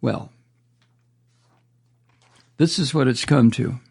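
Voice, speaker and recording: A man's voice: medium pitch, slow, vocal fry, darkish tone, breathy edge. A male talk radio host delivering a profane, indignant political monologue, stumbling and repeating words as he goes.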